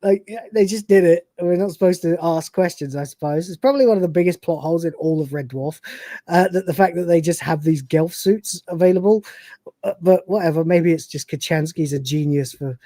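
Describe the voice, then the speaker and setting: Woman co-host, casual and swearing, lowish pitch, dry close mic. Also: a little fast, dark tone, no echo. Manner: rambling, profane and chatty, acting out scenes. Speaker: podcast co-host. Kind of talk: casual live-stream episode recap.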